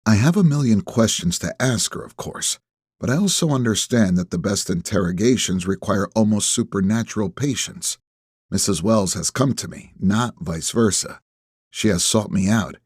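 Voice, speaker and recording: Husky, low-voiced male audiobook narrator. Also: normal speed, no echo, studio quality. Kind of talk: first-person audiobook narration.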